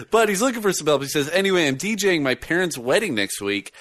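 A man's voice: on the high side, quick pace, few pauses, no echo. A man hosting a casual podcast, joking and laughing often as he chats with his co-host. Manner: animated, laughs often, jokey.

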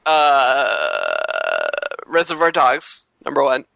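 A man's voice: medium pitch, huge pitch swings, extremely slow, gravelly, sharp tone, dry recording. A man co-hosting a casual podcast, trading goofy, teasing banter. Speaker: podcast co-host.

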